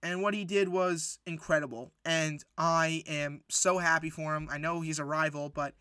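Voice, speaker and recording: A man hosting a solo sports podcast, recapping matches in an excitable, rambling way with lots of fillers and restarts. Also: fairly high pitch, normal speed, clean tone, no room sound, clean studio sound. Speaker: podcast host.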